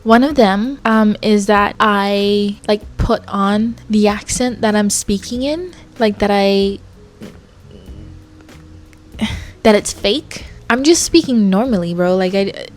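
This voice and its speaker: A woman's voice: mid-range voice, takes it slowly, faint music behind. A young woman from New Zealand with a shifting, mixed accent, talking candidly as a vlogger in a casual Q&A. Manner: chatty, candid, laughs often. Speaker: vlogger and makeup artist. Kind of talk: casual chit-chat Q&A. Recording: faint background noise.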